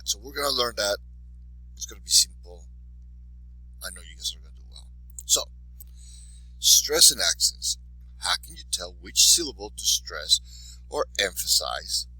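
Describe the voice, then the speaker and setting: A lower-pitched male Spanish teacher with a husky, forceful and bright voice, recorded dry and close. He encourages his students and models pronunciation by saying each word twice, slowly and with clear stress. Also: no echo, rough recording. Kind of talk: recorded class lesson for students.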